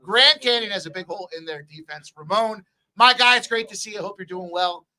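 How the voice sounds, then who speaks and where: A man's voice: sits high, fairly quick, pushed and bright, poor audio. A man hosting a live sports betting stream, upbeat as he hypes his picks and reads out chat comments. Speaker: sports betting show host.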